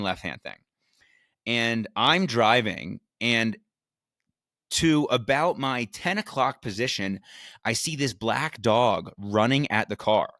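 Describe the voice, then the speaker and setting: A man's voice: mid-range voice, a bit bright, no echo, clean studio sound. A young man casually telling a long story about a road trip, with lots of restarts and fillers and some swearing. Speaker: vlogger recapping a race weekend.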